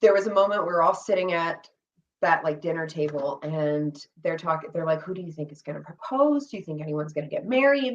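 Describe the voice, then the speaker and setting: A woman's voice: on the low side, a little fast. A young woman, a reality show guest, talking candidly and acting out what people said, with frequent swearing. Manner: candid, animated storytelling with quoted asides and swearing. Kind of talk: casual chat. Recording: slightly distant, dull lo-fi audio.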